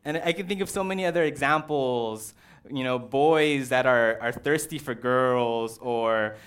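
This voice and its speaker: Casual, animated male preacher. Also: medium pitch, measured pace, clean tone. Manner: casual, animated, uses "like" and "right". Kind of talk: conversational sermon.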